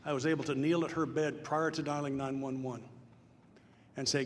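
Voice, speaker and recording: An older man from Tennessee telling his recovery story to a gathered audience, earnest and plain-spoken, swelling into loud emphatic lines. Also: mid-range voice, flat delivery, moderate pace. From Nashville, Tennessee. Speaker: speaker at a recovery meeting. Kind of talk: personal testimony talk. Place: large hall before an audience. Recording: live hall with long reverb, faint noise.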